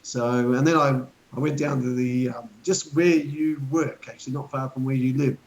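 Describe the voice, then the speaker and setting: A man's voice: mid-range voice, fairly even intonation, normal speed, highs cut off. An Australian man in his fifties, a talk show guest spinning long rambling anecdotes in casual chat. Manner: rambling anecdotal storyteller, chuckling.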